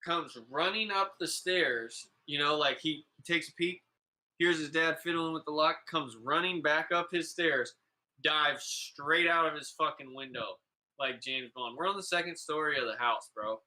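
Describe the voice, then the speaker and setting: A man with a slightly high voice hosts a podcast, talking a bit slowly in a pushed, bright tone on a low-quality recording. He tells stories loosely and casually, swearing freely, calling people "bro," and rambling with plenty of "like" and "you know."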